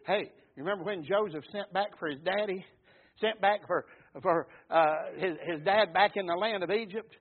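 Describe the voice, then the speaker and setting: Preacher guy, husky high voice, fired up and folksy, tinny phone-like audio. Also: moderate pace. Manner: fervent, rising to shouts, folksy storytelling. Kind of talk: sermon.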